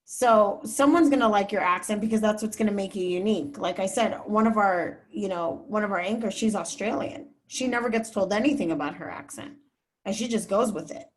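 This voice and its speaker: A woman's voice: mid-range voice, fairly quick. A woman TV news reporter speaking as a guest, giving candid, chatty advice to students over a video call, with many fillers. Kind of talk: casual advice talk to students.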